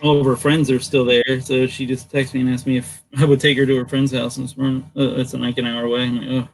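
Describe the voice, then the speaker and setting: A man telling a rambling personal story on a live video call, relaxed and unhurried. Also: mid-range voice, a little hiss or hum, low-quality recording. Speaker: guest on live hangout. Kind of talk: casual chat.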